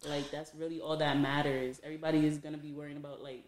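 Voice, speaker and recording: A woman's voice: low voice, little pitch movement, quick pace. A young woman hosting a podcast, talking casually and emphatically with slang. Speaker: podcast host. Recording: echoey room with crowd noise.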